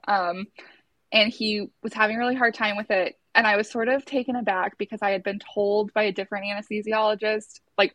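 A woman in her thirties telling a personal story in casual conversation, talking fast and loose with lots of "like" and acting out what others said. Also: medium pitch, no room sound. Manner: chatty, many filler "like"s, acts out quotes.

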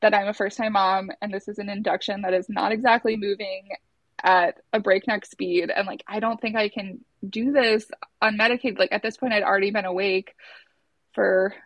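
A woman's voice: medium pitch, fairly even intonation, moderate pace, a bit bright, no room sound. Chatty woman telling a story, dry close sound. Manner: chatty, many filler "like"s, acts out quotes. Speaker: guest telling her birth story. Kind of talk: casual storytelling.

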